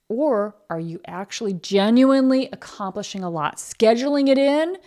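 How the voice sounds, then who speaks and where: A woman's voice: mid-range voice, a little mellow. A woman hosting a podcast, giving a blunt, emphatic motivational talk about excuses and being busy. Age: adult, married. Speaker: podcast host.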